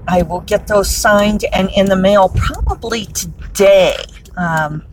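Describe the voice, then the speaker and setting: A woman's voice: mid-range voice, slow, a little hiss or hum, poor audio. A middle-aged woman chatting casually while driving, wry and talkative with laughing asides. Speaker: author podcaster. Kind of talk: casual commute vlog. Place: in a car, driving.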